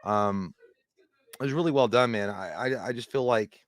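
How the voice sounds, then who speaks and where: A man's voice: mid-range voice, normal speed, dry recording, clean studio sound. A man co-hosting a livestream, rambling casually about movies, swearing and laughing often. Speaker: co-host.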